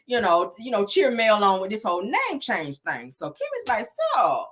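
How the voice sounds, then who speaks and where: Sassy animated woman recapping drama. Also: medium pitch, a little fast. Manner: sassy, animated, slangy retelling with laughs. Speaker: show recap host. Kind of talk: casual reality-show recap.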